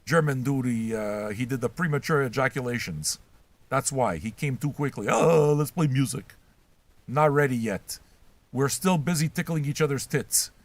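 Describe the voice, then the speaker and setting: An older man hosting a record-reaction show, ranting casually and crudely and mocking people as he shouts. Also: medium pitch, moderate pace, dry recording. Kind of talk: casual profane rant.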